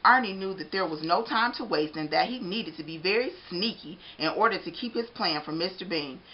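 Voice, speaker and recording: A woman reading a picture book aloud in an expressive, animated way. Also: on the low side, brisk, slight background noise. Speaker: storybook reader. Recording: dull lo-fi recording.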